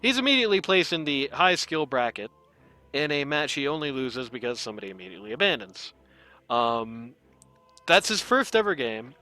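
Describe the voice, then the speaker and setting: A man's voice: medium pitch, sing-song, normal speed, sharp tone, soft background music. A man hosting a stream, talking playfully through a casual post-game chat and reading stats aloud. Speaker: stream host.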